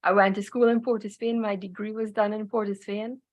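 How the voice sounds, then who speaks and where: A woman's voice: medium pitch, little pitch movement, brisk. A woman with a Trinidadian accent, a journalist guest chatting in an easygoing, detailed way in an interview. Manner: chatty, detailed, frequent restarts. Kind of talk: casual interview chat.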